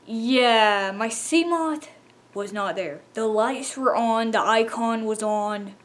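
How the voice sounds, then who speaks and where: A woman with a slightly high voice tells a casual gaming story. She talks in an animated way, laughs often and acts out her own shouted reactions as she goes. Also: takes it slowly. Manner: animated, laughing, quoting herself in exclaims.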